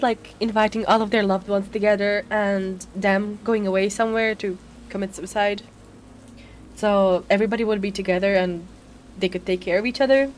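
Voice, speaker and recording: A woman's voice: mid-range voice, steady tone, normal speed, slight background noise. A woman streaming a story game, musing hesitantly between scenes with lots of fillers. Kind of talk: casual gameplay commentary.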